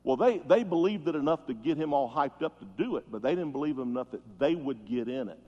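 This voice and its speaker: A pastor preaching a sermon, telling stories that swell loud and then drop soft. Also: male voice, on the high side, animated, quick pace. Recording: muffled sound with long hall reverb.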